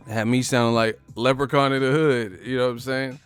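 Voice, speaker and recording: A man hosting a boxing live stream in casual chat, animated, swearing freely and laughing a lot. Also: medium pitch, brisk, clean tone, soft background music.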